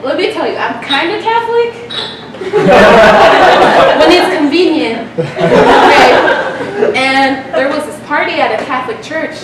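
Young woman doing stand-up in an echoey room. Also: high voice. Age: young adult. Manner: chatty, self-mocking, laughs at own jokes. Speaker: stand-up comedian. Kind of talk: stand-up comedy set. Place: small live venue with audience laughter. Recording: echoey, distant, noisy live room recording.

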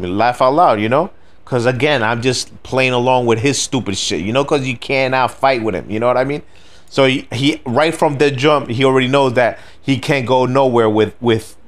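A middle-aged man telling a story in a casual, rambling rant, profane and full of "you know what I mean" fillers, as host of a gaming video. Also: medium pitch.

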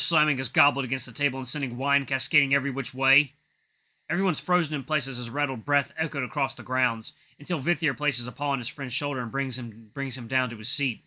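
Quiet, bright-voiced male narrator. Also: medium pitch. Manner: quiet, even narration with slips. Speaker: narrator reading a visual novel. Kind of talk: reading a visual novel aloud.

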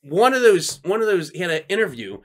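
A man's voice: high-pitched, very animated, fairly quick. Rowdy man on a drunk podcast. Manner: loose, laughing, tries celebrity impressions. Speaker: podcast co-host. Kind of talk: casual drunk banter.

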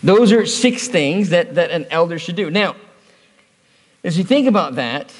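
Lively, animated man preaching in a hall. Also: high voice, a little slow. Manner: conversational storytelling with humor. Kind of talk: sermon. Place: church service.

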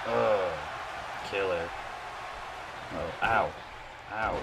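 A man giving casual, joking let's play commentary, reacting excitedly to the game and trash-talking his opponent. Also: lowish voice, normal speed, long pauses, very noisy. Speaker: gaming YouTuber.

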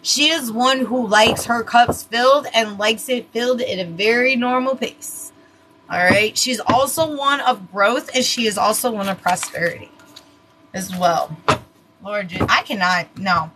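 A woman with a drawl talks through a tarot reading in a loose, chatty way, swearing freely and laughing at herself. Her voice is bright and sits a little high. A faint hiss runs under the recording. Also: unhurried, low-quality recording. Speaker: tarot reader. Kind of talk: casual card reading.

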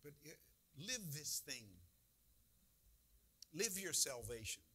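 A man's voice: a little high, sing-song, slow, bright, forceful tone, breathy edge. A man preaching a conversational sermon as a church pastor, full of rhetorical questions.

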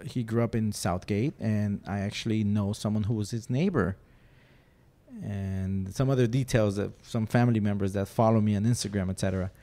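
A man's voice: fairly low pitch, steady tone, moderate pace, dark tone. A man, a guest on a podcast, telling rambling, joking stories in casual chat with lots of fillers and restarts. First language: Spanish. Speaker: podcast guest, rock photographer and interviewer.

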